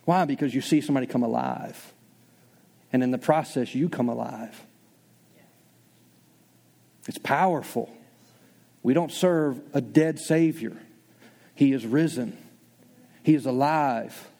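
A man preaching a sermon as pastor, talking conversationally and acting out his listeners' doubts in quick asides. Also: mid-range voice, creaky, big-room sound. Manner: fast, animated preaching.

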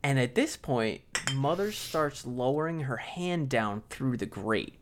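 A man in a relaxed movie-review chat, talking at an ordinary middle pitch. He recaps scenes in an animated way and drops into quick impressions of the characters, swearing freely as he goes. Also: background noise. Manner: animated retelling, acting out lines with swearing. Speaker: podcast co-host.

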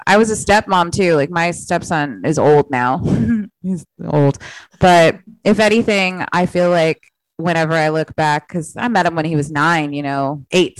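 A woman's voice: fairly low pitch, clean tone, poor audio. Chatty woman telling rambling stories. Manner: rambling, self-deprecating, filler-heavy storytelling with frequent laughs. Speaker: podcast guest. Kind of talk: casual chat.

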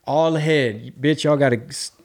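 Male podcast co-host: loose, profane, animated storyteller, sprinkles in Spanish. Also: a little high, normal speed. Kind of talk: casual podcast chat.

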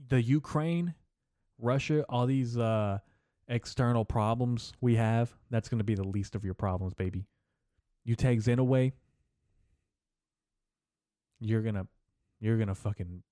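A man's voice: lowish voice, mellow, dry recording. A man hosting a podcast, ranting in a profane, rambling, emphatic comedic way into a close mic. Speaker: podcast host. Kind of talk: casual comedic rant.

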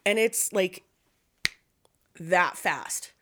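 A woman's voice: lowish voice, very slow, slight background noise. A woman telling a story in casual chat, swearing a lot and acting out the voices of the people in it. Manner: profane, animated storytelling; acts out quoted voices.

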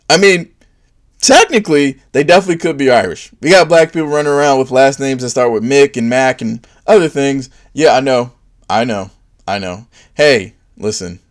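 With lively intonation and a moderate pace, this man performs a stand-up style comedic routine full of sarcasm. For jokes, he slips into high, mocking impressions.

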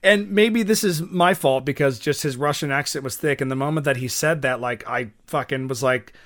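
A man's voice: medium pitch, normal speed, fairly bright tone. A young man co-hosting a podcast in casual chat, telling stories with lots of fillers and restarts. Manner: rambling storyteller with many fillers and restarts. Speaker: podcast co-host.

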